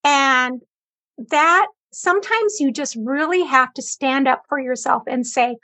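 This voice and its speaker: Her voice sits high, pushed and bright, and she takes her time, recorded with no echo. She's a talk show guest sharing her cancer experience, telling it earnestly and conversationally with quoted back-and-forth exchanges.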